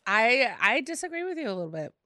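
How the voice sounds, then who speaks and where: A woman's voice: on the high side, very animated, fast talker, bright, forceful tone, no echo. Gushing, giggly woman in film chat. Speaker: podcast co-host. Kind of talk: casual film review chat.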